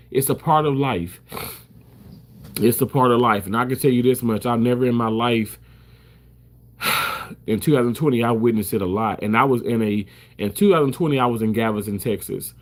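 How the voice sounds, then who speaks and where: A man's voice: mid-range voice, moderate pace, pauses often. Emphatic, swearing man talking to camera. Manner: emphatic, repeats himself, swears freely. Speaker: surgical first assist. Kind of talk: casual talk to camera.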